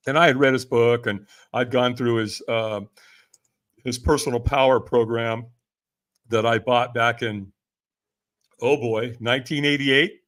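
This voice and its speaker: A man's voice: mid-range voice, fairly bright tone. An older man, a guest in an interview, telling a story with a lot of energy, acting out the voices in it and laughing often. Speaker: podcast guest, personal development speaker.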